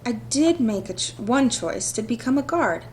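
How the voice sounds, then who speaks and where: A woman's voice: fairly high pitch, animated, normal speed, darkish tone, slight background noise, natural voice. A woman voicing a dutiful, formal male town guard captain, reading a visual novel aloud in a stiff, proper way.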